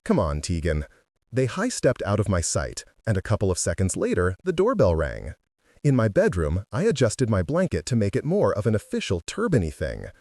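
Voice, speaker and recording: A man narrating an audiobook in an animated, expressive way. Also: lowish voice, dry recording, studio quality. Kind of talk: scripted narration.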